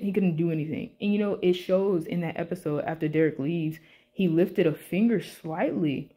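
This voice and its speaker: A young woman doing a casual, animated rant review, swearing often and sounding exasperated. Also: on the low side. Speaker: YouTube reviewer.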